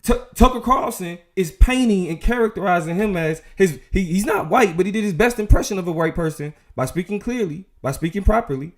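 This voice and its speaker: Animated, emphatic male commentator. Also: sits high, fairly quick, few pauses. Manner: animated, emphatic, frequent restarts. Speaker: show host. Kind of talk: casual commentary.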